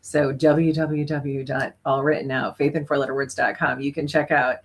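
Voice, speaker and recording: A woman's voice: rumbling low, level tone, moderate pace. A woman co-hosting a chat show, speaking thoughtfully and laughing often. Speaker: podcast co-host. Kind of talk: casual chat.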